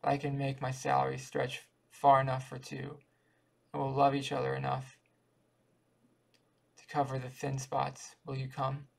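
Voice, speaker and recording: A man reading the lines of a gentle, affectionate young woman who speaks tenderly, in his own gravelly voice. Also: medium pitch, monotone, normal speed, long pauses. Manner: tender, warm words.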